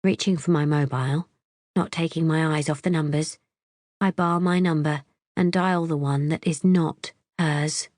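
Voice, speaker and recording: A woman's voice: sits low, steady tone, measured pace, darkish tone, no echo, studio quality. Wry woman narrating an audiobook. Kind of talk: first-person audiobook narration.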